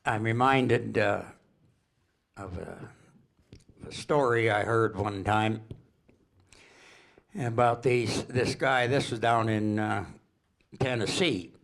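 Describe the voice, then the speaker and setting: An older man from Alberta telling rambling, folksy stories at a public presentation, unhurried and chuckling. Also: lowish voice, steady tone, creaky, a bit bright. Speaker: local storyteller.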